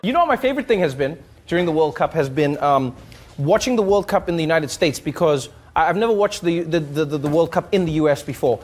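Animated man, fairly high voice. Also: fast talker, a little hiss or hum. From South Africa. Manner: animated, acts out voices and sings bits, laughs often. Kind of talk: comedic monologue.

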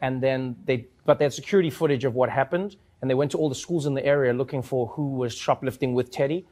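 A man with a South African accent telling comic stories to an audience, acting out voices with big jumps in pitch. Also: quick pace, darkish tone. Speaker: talk show host. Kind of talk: storytelling to a live audience.

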